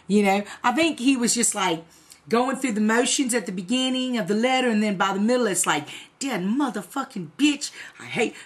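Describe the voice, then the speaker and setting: A middle-aged woman vlogger telling a personal story to the camera in a blunt, profane, animated way. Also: fairly high pitch.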